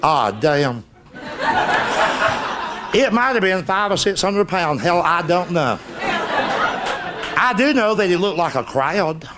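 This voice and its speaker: A man's voice: high-pitched, takes it slowly, long pauses, a crowd in the background. Folksy man doing stand-up. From Southern United States. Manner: folksy drawl, cussing punchlines, lively delivery. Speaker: stand-up comedian. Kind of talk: stand-up storytelling. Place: comedy stage before a live audience. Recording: noisy live stage recording.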